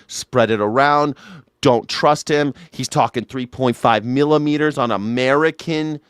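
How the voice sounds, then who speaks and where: A man's voice: mid-range voice, smooth, no room sound, studio quality. Man ranting in sarcastic mock outrage. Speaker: host of a live news reaction show. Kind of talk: live news reaction commentary. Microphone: studio mic through a mixer.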